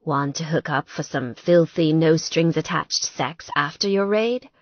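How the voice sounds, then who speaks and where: A woman playing a smooth, coaxing young man. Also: deep voice, measured pace, no echo, lo-fi sound.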